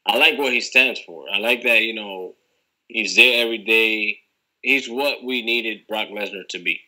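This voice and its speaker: A man's voice: lowish voice, moderate pace, sharp tone, rough recording. A man co-hosting a casual wrestling debate, emphatic and prone to repeating himself. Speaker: podcast co-host.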